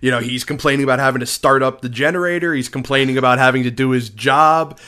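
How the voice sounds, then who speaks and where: A man's voice: mid-range voice, quick pace, pushed and bright. A man co-hosting a film podcast, rambling and swearing in casual chat. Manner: rambling, profane, many restarts. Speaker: podcast co-host reviewing a film.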